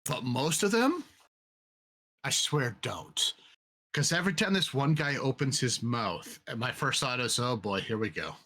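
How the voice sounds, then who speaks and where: Guy on a podcast teasing his buddy, slow husky talk, bright voice. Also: mid-range voice, animated. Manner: teasing, laughs often. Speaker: podcast co-host. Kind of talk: casual chat.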